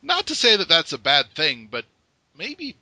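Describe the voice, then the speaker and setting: A man hosts an interview in a casual, joking way, sometimes stammering as he talks. His voice is very bright and swings widely in pitch. The recording is dry and close. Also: a little slow, no room sound. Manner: animated, joking, stammers at times. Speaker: interview show host.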